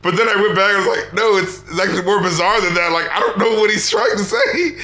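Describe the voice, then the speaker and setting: A man co-hosting a podcast, reviewing an album in casual, animated chat, swearing and laughing often. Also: sits high, quick pace, roomy sound. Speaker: podcast co-host.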